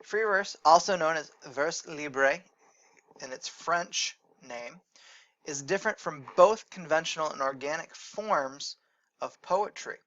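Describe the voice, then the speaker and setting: A male teacher giving a recorded lecture in a slightly high voice, explaining step by step and pausing to correct his slips. The recording is dull and lo-fi. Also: a bit bright.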